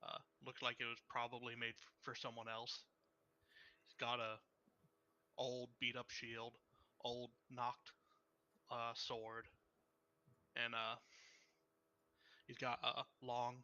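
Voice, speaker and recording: A man playing in a tabletop game, describing his character slowly and haltingly with many fillers. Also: medium pitch, sharp tone. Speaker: player. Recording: dull, lo-fi voice chat audio.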